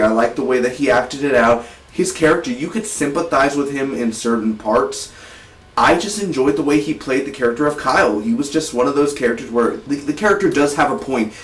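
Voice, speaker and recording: An eighteen-year-old man talks through a movie review with loose, excited energy, often restarting his sentences. His voice sits at an ordinary middle pitch. It is recorded in a roomy space, a little away from the mic. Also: far from the mic. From South Texas. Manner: energetic, rambling, frequent restarts. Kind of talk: casual movie review vlog. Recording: roomy, voice set back from the mic.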